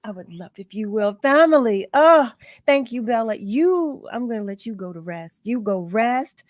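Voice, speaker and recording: Radio host lady, emotional and gushing, laughs a lot, kinda high voice, dry close mic. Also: animated, moderate pace, dry recording. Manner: effusive, laughs often, repeats thanks. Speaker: radio talk show host. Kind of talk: warm, emotional radio talk.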